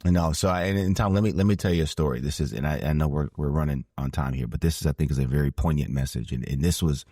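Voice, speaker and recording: Man, forties, earnest, emphatic, repeats himself for emphasis, very deep voice, dry close sound. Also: fast talker, mellow, breathy edge, dry recording. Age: 40s. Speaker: podcast guest, former ballplayer and broadcaster. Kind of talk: storytelling interview answer.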